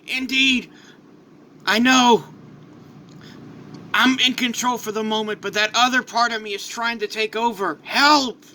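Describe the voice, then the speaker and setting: A man voicing a male warrior torn between his gentle self and a darker side, strained and pleading. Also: extremely high pitch, steady tone, measured pace, long pauses, slight background noise, pitched above the performer's own voice, heavily acted. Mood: desperate.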